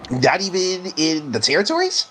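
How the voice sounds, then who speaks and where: A man hosting a gaming stream, chatting casually with friends and breaking into excited play-by-play of the match. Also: high-pitched, normal speed, faint music behind. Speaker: streamer and host. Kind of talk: casual gameplay chat and commentary.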